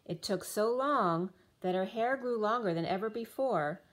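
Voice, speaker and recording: A woman's voice: mid-range voice, moderate pace. A woman giving a spiritual tarot reading, drifting through loose, dreamy associations, her voice starting to give out. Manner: dreamy, free-associating, rhyming asides. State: losing her voice. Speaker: tarot reader.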